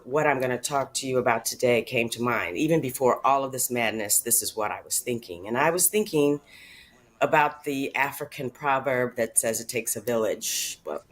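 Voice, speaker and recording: A woman's voice: rumbling low, a bit bright. A woman speaking earnestly and from the heart as a regular on a radio talk show, in casual conversation. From Chicago area. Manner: earnest, heartfelt, tearful at times.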